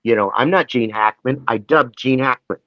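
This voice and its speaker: A man's voice: mid-range voice, normal speed, no room sound, muffled recording. A male actor guest chatting in an interview, telling rambling stories and slipping into voices. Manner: rambling, animated storyteller who slips into voices. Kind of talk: casual interview chat.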